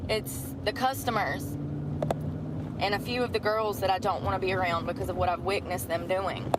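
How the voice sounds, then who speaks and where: A woman's voice: mid-range voice, fairly even intonation, moderate pace, very noisy. A middle-aged woman ranting bluntly and profanely about her job. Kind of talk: candid rant.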